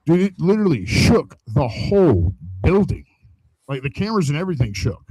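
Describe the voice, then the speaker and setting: A man's voice: fairly high pitch, brisk, husky, dry recording, poor audio. A man on a podcast, telling a crude story in casual, profane chat and acting out the lines of the people in it. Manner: profane, animated storyteller acting out quoted dialogue.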